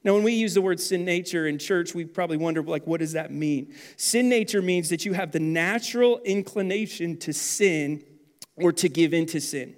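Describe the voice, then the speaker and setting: A man in his thirties preaching a sermon as pastor, animated and then dropping to quiet intensity. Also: a little high, normal speed.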